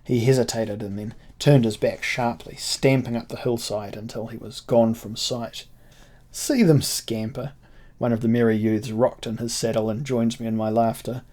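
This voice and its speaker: A man narrating a first-person adventure novel in a measured, deliberate reading. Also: medium pitch, little pitch movement, darkish tone.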